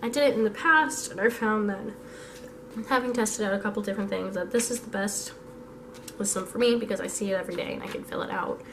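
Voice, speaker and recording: A hoarse young woman chatting through a casual planning vlog, thinking aloud. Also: mid-range voice, fast, noisy background. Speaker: vlogger.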